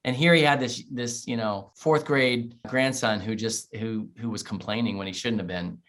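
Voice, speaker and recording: A man's voice: medium pitch, fairly even intonation, moderate pace, a bit bright. A man in his forties, an interview guest, telling a heartfelt personal story in an earnest, reflective way. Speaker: podcast guest.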